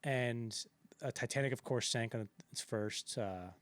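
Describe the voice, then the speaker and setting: A man in casual podcast chat, rambling through his points with plenty of "like" and "you know" and frequent restarts. His voice sits at an ordinary middle pitch, recorded close and dry with no room sound. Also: a little slow, no room sound. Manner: rambling, many fillers and restarts, acts out quotes. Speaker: podcast co-host. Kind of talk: casual film discussion.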